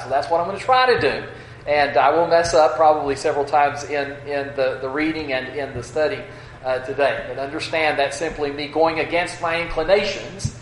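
A preacher with a West Texas accent delivers a sermon in a church sanctuary, where the room echoes every word and a faint hum sits behind him. His voice is a bit high, and he speaks haltingly and hesitantly, with many "uh" fillers, restarts, and folksy asides.

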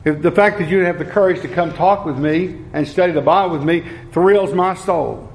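Middle-aged guy preaching, kinda high-pitched, earnest, slows way down to hit his points. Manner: earnest, slows down for emphasis, repeats key phrases. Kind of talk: sermon.

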